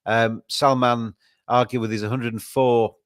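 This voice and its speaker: A man hosting a podcast, talking in a measured way with frequent ums and restarts. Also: mid-range voice, little pitch movement, no echo, clean studio sound. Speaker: podcast host. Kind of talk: casual podcast chat.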